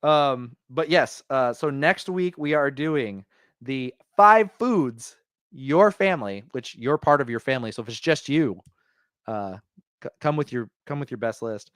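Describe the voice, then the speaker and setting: A man's voice: mid-range voice, expressive, unhurried, a bit bright, clear, resonant tone, no room sound, studio quality. A man hosting a pop-culture podcast, talking casually and rambling through fillers and restarts. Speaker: podcast host.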